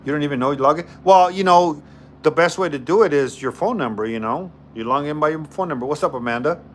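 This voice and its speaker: A man's voice: fairly high pitch, fast talker, a little hiss or hum. A man hosting a casual live stream on his phone, chatting with viewers, greeting them by name, and repeating himself as he goes. He says he is tired.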